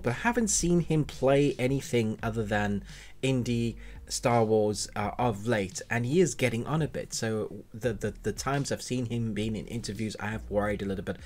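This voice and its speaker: A man's voice: medium pitch, normal speed, a little mellow. A man giving a casual, enthusiastic spoken review of a TV series, rambling a little and restarting his sentences.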